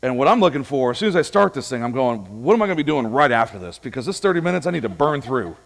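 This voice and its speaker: A man's voice: mid-range voice, very animated, racing, creaky. A man preaching a casual, conversational sermon in a church, telling funny stories and acting out both sides of the dialogue. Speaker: pastor.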